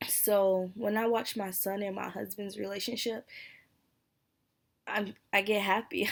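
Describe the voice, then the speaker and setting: A young adult woman speaks straight to her viewers in a personal vlog, candid and hesitant, stopping now and then to sigh. Her pitch stays level and even, with little rise or fall. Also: a little slow, creaky. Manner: emotional, candid, sighs and hesitates. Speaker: vlogger. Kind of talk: personal vlog talking to camera.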